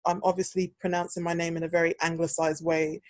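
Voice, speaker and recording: A woman's voice: on the low side, flat delivery, fast talker, no room sound. A young British woman chatting casually on a podcast and telling a story animatedly, acting out the voices she quotes. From United Kingdom. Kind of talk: casual chat.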